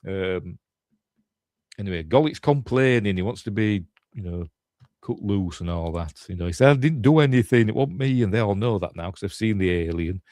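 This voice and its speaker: A man's voice: low voice, moderate pace, a little mellow, dry recording, studio quality. A man with a Yorkshire accent hosting a casual film review, retelling scenes in a rambling, chatty way full of fillers and chuckles. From Yorkshire, England. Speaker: film reviewer, channel host.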